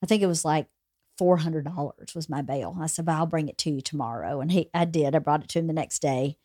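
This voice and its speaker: A woman's voice: low voice, fairly quick, mellow, dry recording, studio quality. A woman hosting a podcast, telling a funny personal story in casual chat and laughing through it. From small rural town in the US. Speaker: podcast host.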